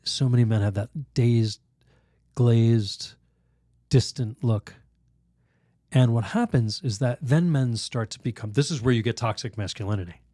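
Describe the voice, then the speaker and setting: A priest telling a lively story in a podcast interview, laughing often, acting out other people's voices, with halting restarts. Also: male voice, medium pitch, no room sound, clean studio sound. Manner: animated, laughs often, acts out quoted voices. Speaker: priest guest.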